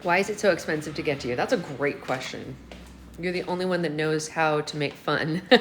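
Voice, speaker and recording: A young woman with a low voice chats casually with her livestream viewers, answering their comments as they come in. She talks in a rambling, playful way and teases herself with mock boasts. A faint hiss sits under her voice. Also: fairly quick, roomy sound. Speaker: livestream host.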